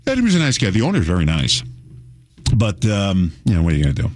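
A man's voice: low voice, wildly swooping pitch, fast talker. A middle-aged man hosting a radio show, talking in a chatty, wry way and chuckling often. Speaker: radio host. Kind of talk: casual radio talk.

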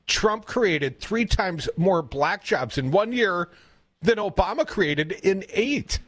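A male radio co-host riffs on politics with a sardonic, jokey edge. His voice is slightly high and husky, and it swoops all over the place. The studio sound is dry and close. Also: expressive, slow pace, fairly bright tone, no echo. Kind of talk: casual political talk radio banter. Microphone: studio microphone.

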